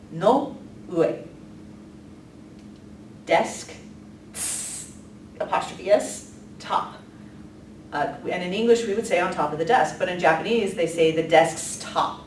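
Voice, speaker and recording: A woman's voice: lowish voice, measured pace, pauses often. Chatty woman teaching in an echoey room. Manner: chatty, many ums, laughs lightly. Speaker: language teacher. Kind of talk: casual explanatory lesson. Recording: echoey room from a distance, faint noise.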